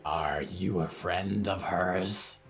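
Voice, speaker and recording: A man voicing a huge bloated monster with a deep, rasping, croaking voice that talks slowly. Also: fairly even intonation, faint music behind. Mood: wary. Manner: slow, deep, muttering.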